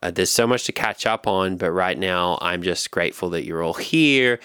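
A man co-hosting a comedy podcast, adding deadpan, dry lines to an improvised story. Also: low voice, normal speed, smooth, no room sound. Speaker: podcast co-host.

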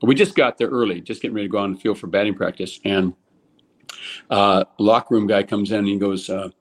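A man's voice: on the low side, fairly quick. An older man from California, a former ballplayer, telling anecdotes casually and animatedly, with many restarts. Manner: animated anecdote teller, lots of restarts, voices people in quotes. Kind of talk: casual storytelling.

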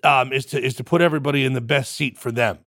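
A man's voice: mid-range voice, quick pace, dry recording, clean studio sound. A man, a startup founder, telling his story in a casual interview with stumbling restarts and acted-out quotes. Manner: animated, acts out quoted voices, stumbling restarts.

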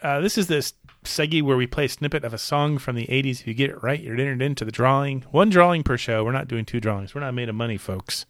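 A man's voice: medium pitch, fast, no echo, clean studio sound. A man co-hosting a podcast at home, chatting casually in a jokey, rambling, self-deprecating way. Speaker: podcast co-host. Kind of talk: casual chat. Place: home room.

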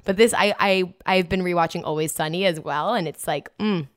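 A woman's voice: lowish voice, fairly quick, no echo, studio quality. A young woman co-hosting a podcast, chatting casually and rambling with frequent laughs. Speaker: podcast co-host. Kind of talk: casual chat.

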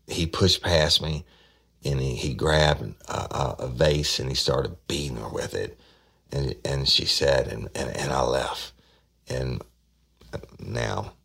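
A man's voice: very deep voice, gravelly, a bit bright. A middle-aged man telling a police case in a blunt, profane, conversational way. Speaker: host, former investigator telling a case. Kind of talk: storytelling podcast monologue.

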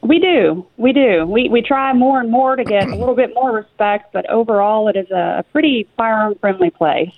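A woman's voice: fairly high pitch, normal speed, few pauses, no room sound. A woman with a Southern US accent from Tennessee, a guest in a radio interview, talking in an earnest, conversational way. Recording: dry, phone-like line.

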